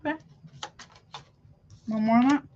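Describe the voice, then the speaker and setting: A woman reads tarot cards on a live stream. She chats loosely with her viewers, breaks off mid-sentence and calls them honey. Her voice sits a little high, and the sound is dull and lo-fi. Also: unhurried, darkish tone. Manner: chatty, calls viewers honey, self-interrupting. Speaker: tarot reader. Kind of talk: live tarot reading, reacting to chat.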